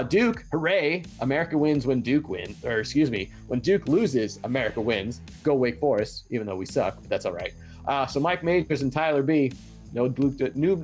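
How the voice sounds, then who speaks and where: A man co-hosting a bracket pool recap, joking around in casual sports banter. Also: medium pitch. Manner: animated, jokey, quick asides.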